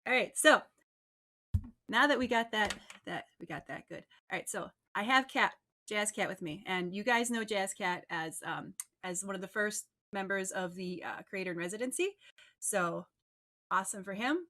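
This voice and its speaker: A woman hosting a casual livestream interview show, chatty and bubbly and quick to laugh. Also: mid-range voice, bright, forceful tone. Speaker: host.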